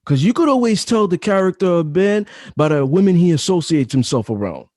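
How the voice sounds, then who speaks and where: A man's voice: sits high, lively intonation, a little fast, darkish tone, no room sound, clean studio sound. A man in his thirties, a podcast guest talking casually, with emphatic, repetitive advice-giving. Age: 30s. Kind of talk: casual chat.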